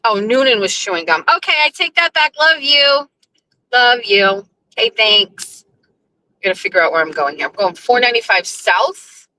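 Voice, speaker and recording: A woman's voice: mid-range voice, lively intonation, moderate pace, pushed and bright, rough recording. A woman hosting a casual live chat from her car while she drives, chatty, scattered and blunt, sounding emotional and overwhelmed. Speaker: host. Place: car, driving.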